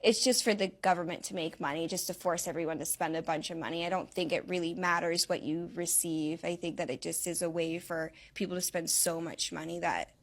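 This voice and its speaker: A woman's voice: fairly low pitch, fairly even intonation, brisk, hardly any pauses. Hesitant young-sounding woman chatting. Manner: hesitant, laughs at herself. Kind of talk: casual conversation.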